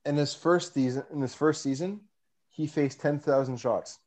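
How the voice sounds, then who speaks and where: A man's voice: on the high side, moderate pace, a little mellow. A man co-hosting a casual hockey podcast, chatty and self-deprecating, leaning on "like". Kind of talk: casual chat.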